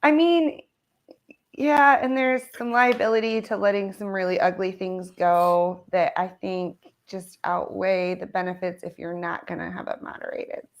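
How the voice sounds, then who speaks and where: A woman's voice: mid-range voice, little pitch movement, unhurried. A woman hosting a livestream show in casual, upbeat chat, often laughing. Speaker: show host.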